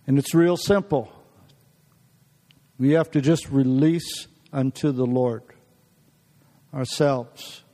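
A man's voice: medium pitch, slow, pauses often, mellow, in a large hall. A middle-aged man preaching a folksy sermon full of personal stories, chuckling often and restarting his sentences. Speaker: guest preacher. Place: church.

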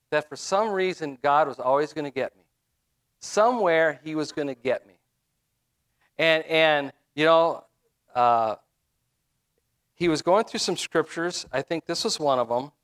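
A middle-aged male minister delivering a sermon in a loose, conversational way. His voice sits somewhat high for a man, and he often repeats himself and trails into fillers before finding the next thought. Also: fairly bright tone. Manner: conversational, repetitive, with frequent fillers and restarts.

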